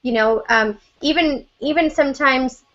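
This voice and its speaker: Bright, high-pitched woman chatting. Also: normal speed, highs cut off. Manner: chatty, reflective, with frequent fillers. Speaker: host. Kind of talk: casual conversation.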